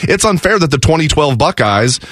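A man's voice: on the high side, big pitch swings, fairly quick, a bit bright, no echo, clean studio sound. A man co-hosting a casual sports talk show, giving opinionated takes and laughing between points.

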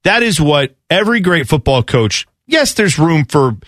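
Ranting, lively sports radio man. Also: fairly high pitch, moderate pace, dry recording, clean studio sound. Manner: exasperated, rants with emphasis. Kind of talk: casual sports talk radio banter.

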